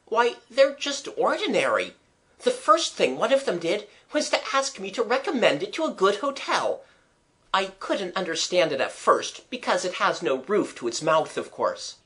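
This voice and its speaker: A reader playing a loud, cheery schoolboy. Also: medium pitch, sing-song, moderate pace, pitched above the performer's own voice. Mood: jolly. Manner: loud, hearty, forced cheer. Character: cheery schoolboy, brave, putting on jollity.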